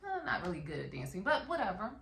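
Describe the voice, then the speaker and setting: A woman's voice: medium pitch, wildly swooping pitch, fast, gravelly, a bit bright, slight background noise. A woman casually retelling a horror film's plot, acting out scenes with sound effects. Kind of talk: casual film recap. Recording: roomy echo.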